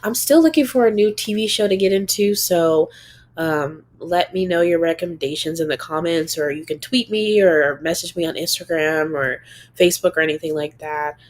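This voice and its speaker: A woman's voice: lowish voice, normal speed. Young woman podcast host, stuffed up and nasal, slightly strained; loose, rambling solo talk. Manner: rambling, many "um" and "like". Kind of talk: casual solo podcast chat.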